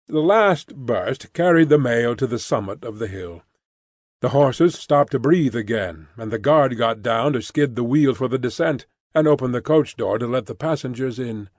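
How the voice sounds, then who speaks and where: A man narrating a classic novel in an expressive storytelling reading. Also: medium pitch, moderate pace, no echo. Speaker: audiobook narrator. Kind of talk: scripted narration. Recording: dry close studio recording.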